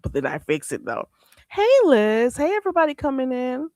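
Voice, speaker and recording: A sassy, blunt woman chats casually with her livestream viewers. Her pitch swoops widely as she talks. The sound is dry and close. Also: normal speed, no room sound. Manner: blunt and sassy, with lots of "baby" and "you hear me"; animated, swinging between loud outbursts and laughter. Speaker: livestream host.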